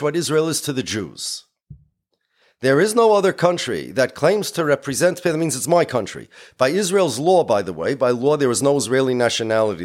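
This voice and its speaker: Man, lecture, emphatic and explanatory, medium pitch. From United States. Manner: emphatic and explanatory, with many Yiddish and Hebrew words. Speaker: speaker.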